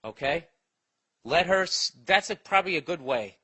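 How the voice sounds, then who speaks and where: A man's voice: a little high, expressive, moderate pace, bright, forceful tone, slightly rough. A man hosting a comedy podcast, ranting in a profane, rambling and blunt way while giving advice. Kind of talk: casual comedic rant.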